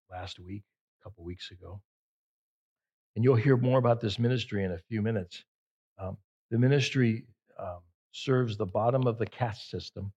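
A pastor preaching a sermon with emphatic delivery, repeating phrases for effect. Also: male voice, fairly low pitch, darkish tone, breathy edge, highs cut off.

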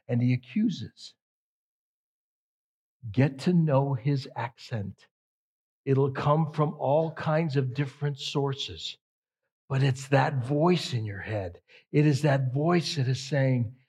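Husky-voiced man preaching a sermon. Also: mid-range voice, expressive, takes it slowly, darkish tone. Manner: emphatic, repeats phrases for effect. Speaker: pastor.

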